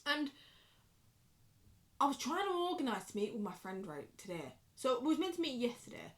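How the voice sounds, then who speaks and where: Twenties Yorkshire woman, rambling sweary vlogger, a touch higher-pitched than most. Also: moderate pace. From Yorkshire, England. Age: 20s. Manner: rambling, sweary, chatty, animated. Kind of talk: casual talking-to-camera vlog.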